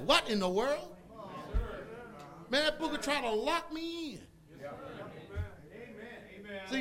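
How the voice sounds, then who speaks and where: A man preaching a sermon as pastor, fervent and rising into shouts. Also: very high-pitched.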